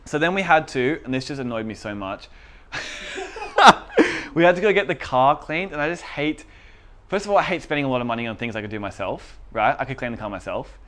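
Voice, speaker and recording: A man's voice: mid-range voice, sing-song, fairly quick, a bit bright. Chatty young man. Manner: laughs often while telling stories; chatty, self-deprecating storytelling. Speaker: podcast co-host. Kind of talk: casual chat.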